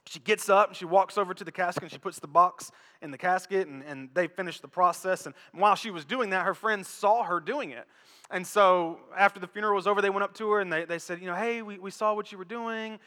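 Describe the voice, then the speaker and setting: A man preaching a sermon in an animated, joking, repetitive way, in a church. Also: sits high, fast. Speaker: pastor. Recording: echoey church hall.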